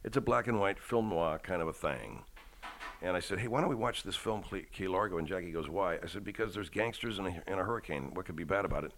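A man's voice: low voice, quick pace, a bit bright. A man hosting a podcast, rambling casually with profane, self-deprecating humor at home. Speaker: podcast host. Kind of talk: casual chat.

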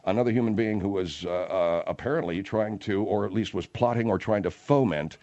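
A man's voice: fairly low pitch, a little fast, darkish tone, highs cut off. A man hosting a radio talk show, chatty and exasperated with his guests.

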